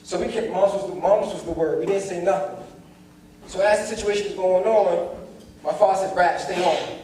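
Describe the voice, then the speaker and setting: Animated young man speaking on stage. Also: high voice, fairly quick, a little hiss or hum. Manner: animated, acts out dialogue, addresses the crowd directly. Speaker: motivational speaker. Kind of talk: storytelling seminar. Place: large performing arts hall. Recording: echoey hall, distant mic, faint ambience.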